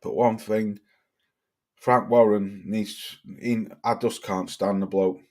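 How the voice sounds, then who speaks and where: A man's voice: on the low side, fairly even intonation, slow pace, darkish tone. A man from Cheshire, hosting a livestream, reading chat comments and ranting bluntly with plenty of swearing. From Cheshire, England. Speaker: livestream host.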